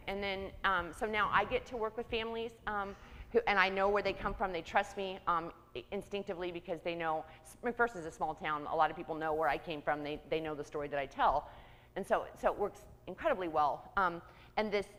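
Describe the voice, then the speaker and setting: Woman talking candid in a church, kinda low voice, long reverb all around, lots of ums. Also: a bit bright. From Kansas, US. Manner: candid, conversational, many ums. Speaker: church outreach coordinator. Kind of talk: personal testimony talk.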